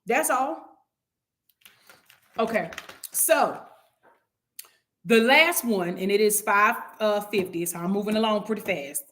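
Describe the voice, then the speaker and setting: A woman's voice: mid-range voice, slow, long pauses, fairly bright tone. Woman teaching a casual Bible study. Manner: conversational, preachy, acts out little quoted scenes.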